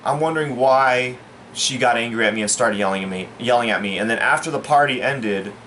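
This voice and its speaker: A man telling a personal story in a casual, rambling way, halting often with fillers and restarts, sounding baffled and aggrieved. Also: medium pitch, a bit bright, a little hiss or hum. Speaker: storyteller vlogger.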